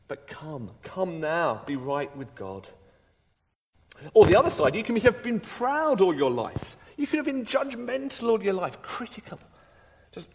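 A middle-aged man preaches a sermon in an earnest, lively way, weaving in homely stories. His voice sits fairly high and swings widely in pitch as he presses his points. A long reverb from the hall trails behind every phrase. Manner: earnest, lively, with personal anecdotes and rising emphasis.

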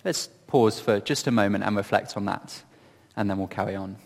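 A man giving reflective Bible teaching in a gentle, earnest storytelling manner, often asking questions of his listeners. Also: on the low side, moderate pace, vocal fry, long reverb tail. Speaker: preacher.

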